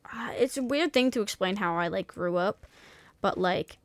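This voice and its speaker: A woman's voice: mid-range voice, expressive, normal speed, dry recording. A young woman streamer in casual chat, talking candidly and swearing freely, with many restarts and fillers.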